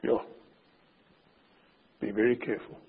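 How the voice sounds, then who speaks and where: A man preaching a sermon with a very husky voice, speaking emphatically and slowing down to stress his warnings. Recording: dull recording with long hall reverb.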